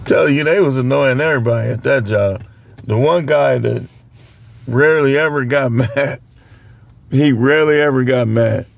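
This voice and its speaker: A young man casually telling work stories to the camera, animated and full of voice impressions. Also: medium pitch, moderate pace, gravelly. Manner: animated, imitates other people's voices mid-story. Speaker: vlogger. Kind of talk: casual storytelling.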